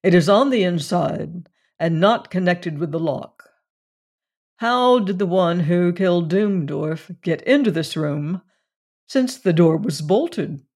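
Solemn reasoning man, read out by a narrator, unhurried and weighty. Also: high-pitched, lively intonation, a little mellow, full character voice. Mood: probing. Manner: measured and weighty. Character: grave, solemn man who reasons like a preacher.

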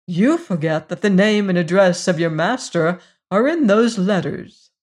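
A narrator voicing a shrewd, sharp-tongued woman who answers crisply and with scorn. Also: lowish voice, expressive, measured pace. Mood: scornful. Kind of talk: audiobook character reading.

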